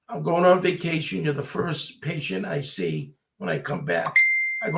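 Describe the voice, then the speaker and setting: A man, talking in a casual chat. His voice sits a little high and has a gravelly edge. He tells stories animatedly and acts out the voices of the people in them. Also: animated, measured pace, a bit bright. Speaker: storyteller.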